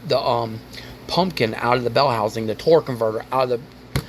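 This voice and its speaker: A man's voice: medium pitch, brisk, slight background noise. A man hosting his own car vlog, rambling and ranting casually with frequent swearing. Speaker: car vlogger.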